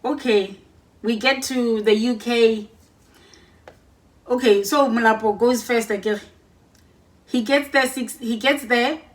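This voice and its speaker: A woman's voice: a little high, steady tone, takes it slowly, long pauses. A young woman vlogging to a camera set across a room, telling a long story in a chatty way, acting out both sides of conversations and often correcting herself. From Lesotho. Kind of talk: casual storytime. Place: warm room in a cold house.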